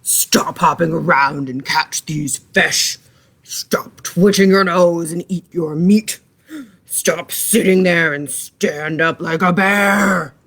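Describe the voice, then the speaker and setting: A woman reading a storybook aloud, voicing a group of gruff male bears who scold in a deep growl. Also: slow pace, a bit bright, exaggerated voice.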